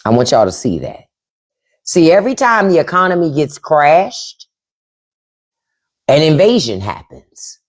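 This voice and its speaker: Woman, livestream host, blunt, profane, casual commentary, lively low voice. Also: measured pace, pauses often. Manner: blunt, animated, profane, reading and answering chat.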